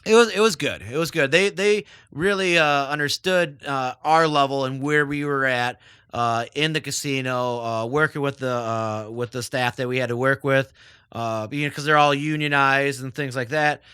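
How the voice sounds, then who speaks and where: A man speaks in a loose, rambling way, packing his sentences with filler words as he chats about his work. His voice is bright and crisp. The recording is dry and close, with no room sound. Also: medium pitch, fairly even intonation, moderate pace, no echo. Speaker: chef guest. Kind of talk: casual interview talk.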